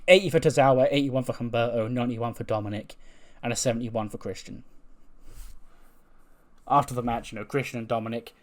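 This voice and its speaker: A young man with a relaxed, rambling way of talking, casually recapping a simulation game as the host. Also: medium pitch, a little fast. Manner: relaxed, rambling, loose slang. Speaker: let's-play host.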